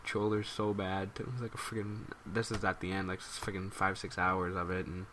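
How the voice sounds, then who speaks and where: A man's voice: low voice, monotone, a little fast, a bit bright, slight background noise. Rambling New guy telling a story. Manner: rambling, amused. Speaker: gaming YouTuber. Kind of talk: casual storytelling commentary.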